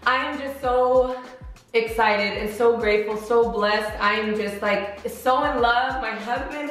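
A woman's voice: on the high side, fairly even intonation, a little slow, fairly bright tone. A young woman vlogger chatting to camera, emotional and laughing through tears. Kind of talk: casual chat to camera. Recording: echoey room with music behind.

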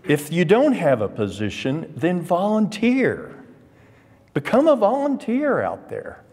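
Slow, lively-voiced man teaching Bible class. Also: high-pitched, husky, big-room sound. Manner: emphatic, drawn-out stresses on key words. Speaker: Sunday school teacher. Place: church classroom or hall.

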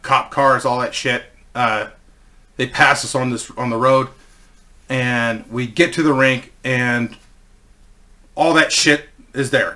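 A man's voice: medium pitch, pushed and bright. A man in his forties telling a rambling, profane story in a casual way. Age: 40s.

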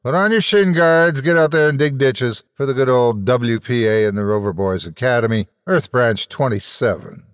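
A man voicing a blustering, cowardly male space commander who shouts orders. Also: mid-range voice, normal speed, hardly any pauses, clean tone, long reverb tail, close to an everyday voice. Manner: shouting, bombastic.

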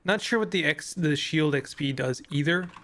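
A young man giving casual, rambling commentary while playing a game, with a voice that is going hoarse. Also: a little high, moderate pace, fairly bright tone. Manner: rambling, many fillers and restarts. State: losing his voice. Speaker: gaming YouTuber.

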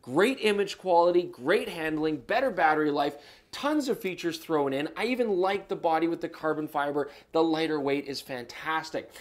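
A man's voice: a little high, normal speed, hardly any pauses. Tipsy joking male camera show co-host. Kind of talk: casual product review banter.

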